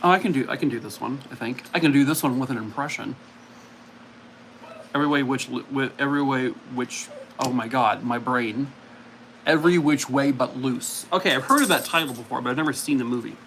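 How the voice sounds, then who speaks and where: A man's voice: mid-range voice, quick pace, a bit bright, slight background noise, low-quality recording. A man hosting a casual live stream from home, chatting and cooing at his dog. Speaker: streamer host.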